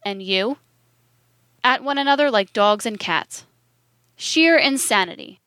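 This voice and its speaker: A woman's voice: fairly high pitch, animated, unhurried, a bit bright, dry recording, studio quality. A woman reading the lines of a stern older man who lectures a friend emphatically. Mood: lecturing. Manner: emphatic, declaiming.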